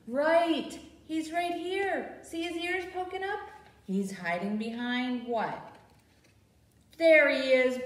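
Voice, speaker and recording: Animated woman leading a baby storytime. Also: fairly high pitch. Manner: animated, sing-song, asks babies questions. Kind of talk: baby storytime with rhymes and picture book. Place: library program room. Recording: roomy sound from a distance.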